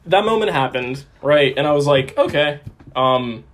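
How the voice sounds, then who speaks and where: A man's voice: medium pitch, normal speed. A young man co-hosting a casual podcast, chatting eagerly about films and laughing often. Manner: animated, laughs often, rambling fan talk. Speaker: podcast co-host. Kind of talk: casual chat. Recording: faint background noise.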